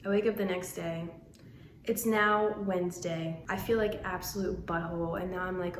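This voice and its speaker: A woman's voice: lowish voice, moderate pace, background noise. Chatty young woman telling a story. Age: 20s. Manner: chatty, animated, laughing through the retelling. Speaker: vlogger. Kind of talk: casual storytime. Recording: echoey room.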